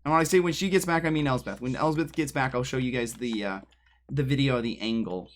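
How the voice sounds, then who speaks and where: A man's voice: medium pitch, fast talker, slight background noise. A man livestreaming from a home room, rambling and joking straight to his chat, sometimes drifting away from his desk mic. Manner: drifts away from the mic while moving around.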